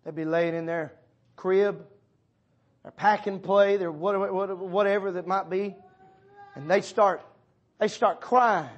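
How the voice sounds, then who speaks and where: A pastor preaching a sermon in church, speaking directly to members of his congregation, his delivery swinging from loud urging to hushed tones. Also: sits high, steady tone, slow, pauses often, dull audio. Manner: addresses listeners by name as brother and sister.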